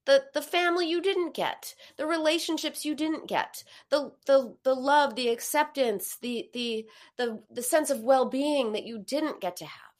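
A woman's voice: unhurried, hardly any pauses. A woman answering viewer questions in a live talk, explaining thoughtfully and restarting phrases as she searches for words. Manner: animated, acts out inner voices with big pitch jumps.

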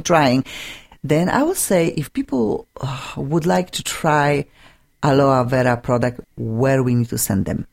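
A woman's voice: rumbling low, a little mellow. A woman hosting a studio talk show, chatty and enthusiastic, with non-native phrasing. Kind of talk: casual studio chat.

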